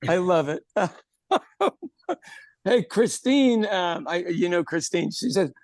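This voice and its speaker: A man's voice: high-pitched, lively intonation, takes it slowly, dry recording, clean studio sound. A man from Ireland co-hosting a podcast in casual chat, laughing often and repeating words as he starts. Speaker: podcast co-host.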